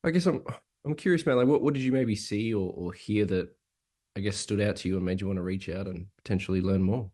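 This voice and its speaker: A man's voice: lowish voice, fast, darkish tone. A man practising a sales call, hesitant and casual, often repeating words. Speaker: salesperson in training.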